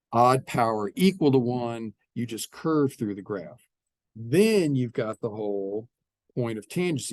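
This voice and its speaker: A man's voice: medium pitch, darkish tone, no echo. A man teaching a math lesson, explaining step by step and often repeating his phrases. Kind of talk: classroom math lecture.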